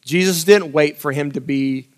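Male preacher, high-pitched, dramatic loud-soft delivery, repeats key phrases. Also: normal speed. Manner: dramatic swings between loud urgent lines and quiet intimate asides. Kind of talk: sermon.

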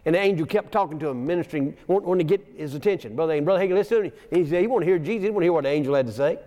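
In a church sanctuary full of long reverb, a man preaches a folksy sermon, reading scripture aloud and telling stories punctuated by chuckling asides. His voice is a little high and mellow, animated and rapid-fire.

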